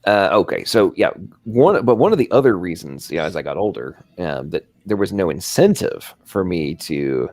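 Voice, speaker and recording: A man's voice: sits low, animated, normal speed, a little mellow, no room sound. A man with an American accent who grew up in England, hosting a live stream and telling a rambling story, often tagging his lines with "right?". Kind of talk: casual chat, storytelling.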